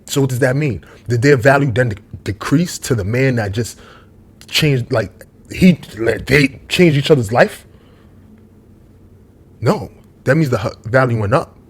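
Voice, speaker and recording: A man with a Brooklyn accent giving a rambling, slangy opinion monologue, swinging between loud bursts and muttered asides. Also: medium pitch, slightly rough. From Brooklyn, New York. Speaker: vlogger.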